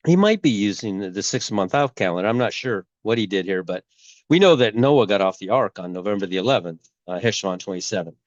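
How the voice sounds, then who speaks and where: A man hosting a casual religious commentary video, rambling and halting, with a cold and a sore throat. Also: lowish voice, lively intonation, no echo, highs cut off. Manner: rambling, halting, many restarts. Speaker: YouTube host.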